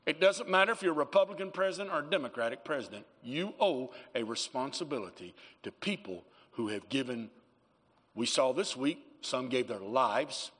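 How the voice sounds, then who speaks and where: A man's voice: medium pitch, animated, moderate pace, fairly bright tone, husky, big-room sound. A man preaching a sermon as pastor in a church, emphatic, calling for amens from the congregation. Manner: emphatic preaching with call-and-response.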